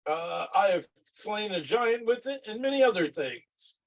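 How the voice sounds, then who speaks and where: A man's voice: sits high, lively intonation, measured pace, pitched above the performer's own voice, low-quality recording. A man voicing a devout male warrior cleric who speaks in a formal, preaching way. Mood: preachy.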